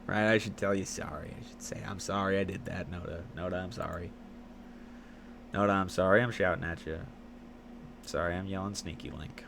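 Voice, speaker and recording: A young man streaming live late at night, teasing his chat and jumping from low mumbles to sudden yells. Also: brisk, gravelly, background noise. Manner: excitable, teasing, jumps from mumbling to yelling.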